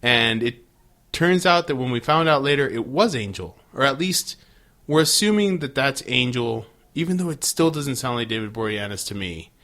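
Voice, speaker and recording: A man's voice: mid-range voice, animated, moderate pace, pushed and bright. Joking man recapping a show. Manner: joking, crude, recaps episodes with running commentary. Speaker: podcast co-host. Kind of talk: casual chat.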